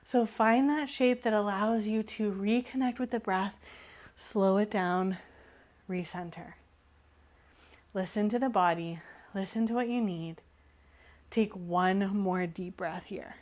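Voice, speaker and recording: A woman instructor giving calm, encouraging yoga cues while moving, slightly out of breath. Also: mid-range voice, slow pace, pauses often. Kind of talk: guided yoga class cues.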